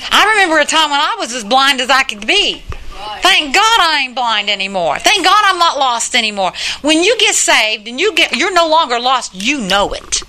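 A woman's voice: high voice, very animated, moderate pace, bright, forceful tone, a little hiss or hum. An older woman preaching a sermon in an earnest, plain-spoken way, repeating her points for emphasis.

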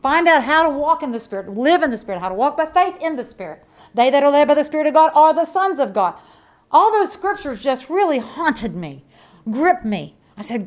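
Woman preacher with a high voice, emphatic, folksy sermon delivery that swings from loud to hushed. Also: very animated, a little fast. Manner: folksy, conversational asides to the congregation.

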